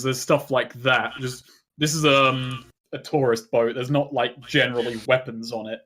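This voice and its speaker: A man's voice: medium pitch, moderate pace, bright, forceful tone. Casual male game master, rambling, narrates a tabletop session.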